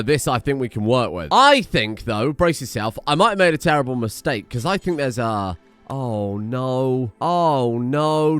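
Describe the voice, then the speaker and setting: A man giving let's-play commentary, joking and swearing at his game characters as he plays. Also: mid-range voice. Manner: animated, swearing, joking asides to the colonists. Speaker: gameplay commentator.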